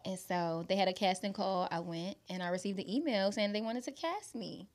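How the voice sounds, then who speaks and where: A woman's voice: medium pitch, normal speed. A woman guest, a musician and actress, joking and laughing in casual slangy talk. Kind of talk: casual chat.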